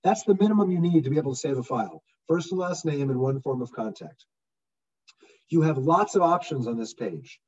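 Man, webinar trainer, higher voice, husky, lo-fi far-off call audio. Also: brisk. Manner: animated, acts out customer voices. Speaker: real estate trainer. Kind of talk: webinar software walkthrough. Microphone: video call. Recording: dull lo-fi audio from far off the mic.

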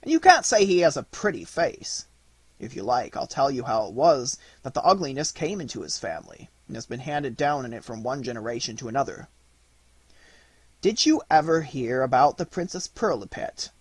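Guy doing a kooky old godpapa clockmaker, playful, voice jumps way up high, kinda husky. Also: very animated, moderate pace, dry recording. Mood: teasing. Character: eccentric old male godfather and clockmaker, teasing.

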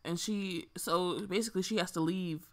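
A woman's voice: lowish voice, moderate pace. A woman co-hosting a casual podcast chat, telling stories bluntly and with swearing. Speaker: podcast co-host.

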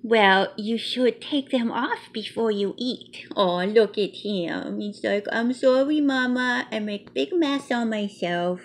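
A woman's voice: fairly high pitch, slow pace, few pauses. A woman voicing a cute, chatty little male mouse who reads a picture book aloud in a childlike, playful way with broken grammar. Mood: cheerful. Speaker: storybook reader.

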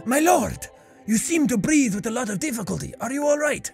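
Young man, let's-play commentary, excitable and loud, high lively voice, faint music behind. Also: fairly quick, vocal fry, husky, no room sound. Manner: excitable, loud, swears, reads game text aloud. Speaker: gaming video host.

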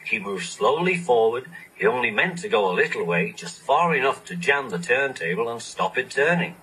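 Animated man reading a storybook. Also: mid-range voice, normal speed, husky, poor audio. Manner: expressive, animated. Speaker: narrator. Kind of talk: storybook read-aloud.

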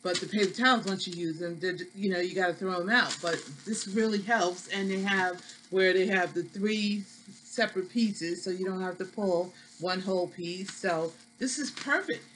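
A woman's voice: lowish voice, moderate pace, fairly bright tone, slight background noise, rough recording. A woman with a New York accent, chatting casually to viewers in a product haul vlog, folksy and talkative. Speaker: vlogger.

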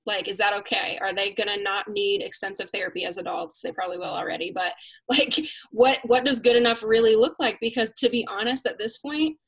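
A woman hosting a casual live chat, candid and self-mocking, getting animated when she quotes herself. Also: mid-range voice, brisk, husky, poor audio. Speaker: host.

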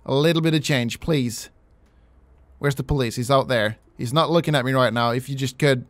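A man's voice: medium pitch, moderate pace, dry recording. A man hosting a let's play, commenting with jokes, mock-pleading and casual swearing. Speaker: gaming channel host.

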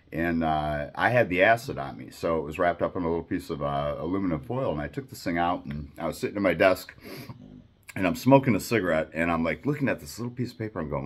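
A man in his fifties with a very low, deep voice tells a story straight to the listener. He rambles and curses freely, and he fills his pauses with "you know" and "uh". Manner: rambling, swears freely, many fillers. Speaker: storyteller recounting his past. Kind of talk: casual storytelling monologue.

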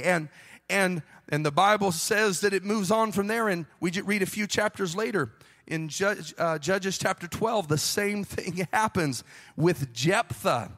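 A man preaching a Pentecostal sermon with a fervent, rhythmic delivery that builds to shouting. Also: high-pitched, measured pace, big-room sound. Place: church sanctuary.

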